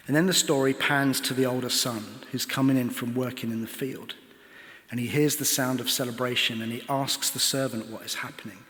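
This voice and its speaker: A man's voice: medium pitch, a bit bright. A man preaching a sermon, retelling a parable earnestly and asking rhetorical questions. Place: church. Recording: church hall reverb.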